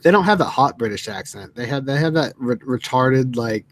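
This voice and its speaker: A man's voice: mid-range voice, animated, normal speed, hardly any pauses, dry recording. A man co-hosting a casual livestream, crude and mocking, often talking over his co-host.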